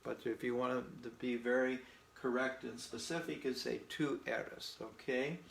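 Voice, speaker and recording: A man's voice: medium pitch, steady tone, normal speed, creaky, reverberant, slight background noise. A man teaching a casual beginner language lesson, explaining patiently and folksily with little memory tricks. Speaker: Spanish teacher.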